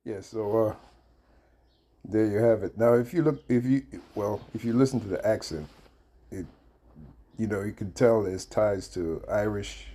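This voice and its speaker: Channel host, man, deep and dark-toned, loose rambling commentary. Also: measured pace, pauses often. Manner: rambling, heavy with fillers, reads text aloud. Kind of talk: casual commentary.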